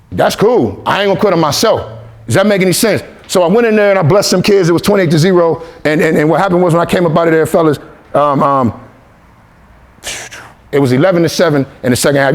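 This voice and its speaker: A man giving a motivational speech to a youth team, repeating phrases and leading call-and-response. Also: a little high. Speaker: motivational speaker.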